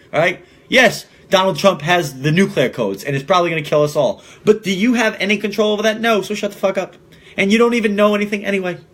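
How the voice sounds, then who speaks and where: A man's voice: a little high, fairly bright tone. A young man hosting a podcast, talking in a blunt, profane, rambling way with many restarts. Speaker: podcast host. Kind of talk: casual monologue.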